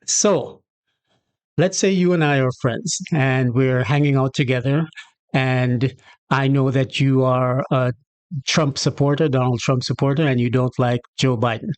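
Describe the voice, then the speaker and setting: A man's voice: medium pitch, unhurried, no echo. Jamaican guy teaching patois, laid back chatty vibe, dry close sound. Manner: relaxed, chatty, acts out little scenarios with quoted voices. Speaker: channel host teaching patois. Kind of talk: casual explanatory lesson to camera.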